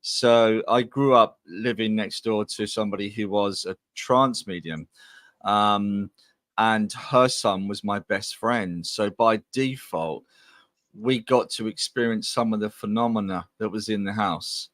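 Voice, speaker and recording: A man's voice: fairly low pitch, unhurried, a bit bright, dry recording. A man from England, a guest medium, telling his life story in a chatty, rambling way on a video call podcast. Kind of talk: casual podcast interview.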